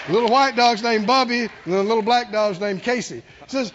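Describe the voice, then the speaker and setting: A man preaching a sermon, calling on the congregation to answer, dropping to near whispers and rising to loud peaks. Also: extremely high pitch, sing-song, slow, pauses often, highs cut off, a crowd in the background, noisy background. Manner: call-and-response preaching, swinging from hushed to loud. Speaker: pastor.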